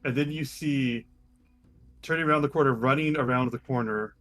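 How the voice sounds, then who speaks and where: Guy running a tabletop game, chill rambly narration, mid pitch. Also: normal speed, soft background music. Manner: relaxed, rambling, many ums. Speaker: game master.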